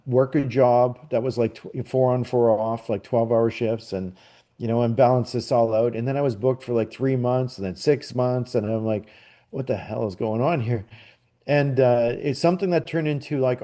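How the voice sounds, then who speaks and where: A man's voice: medium pitch, moderate pace, warm tone. A middle-aged man, a guest on a podcast, telling a long personal story in a casual, rambling way with many fillers and restarts. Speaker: podcast guest, psychic medium.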